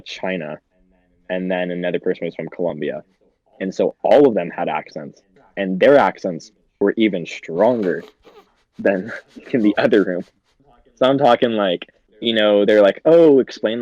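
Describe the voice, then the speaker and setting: Heard on a dry, lo-fi recording, this young podcast co-host has a low, slightly mellow voice. He chats casually, swearing, laughing a lot, and filling his speech with fillers.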